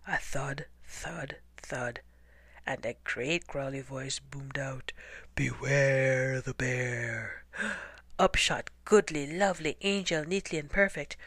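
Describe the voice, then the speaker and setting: Slow, soft-spoken woman reading a storybook. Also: sits low, no room sound. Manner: soft, often half-whispered, unhurried. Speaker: storybook reader. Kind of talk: children's story read-aloud.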